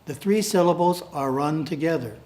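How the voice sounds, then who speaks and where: A man reading his editorial aloud as calm, measured spiritual instruction. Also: fairly high pitch.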